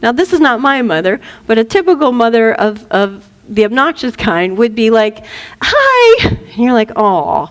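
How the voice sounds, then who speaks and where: A woman with a high voice gives a spiritual teaching talk in a playful, lively way, laughing often and slipping into little acted voices. She speaks as a minister to her listeners. The sound carries a long hall reverb. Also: moderate pace.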